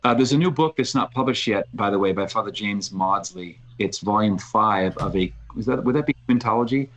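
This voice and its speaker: Low-voiced man telling stories. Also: fairly quick, poor audio. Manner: animated storyteller, frequent restarts. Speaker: podcast guest. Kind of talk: casual conversation.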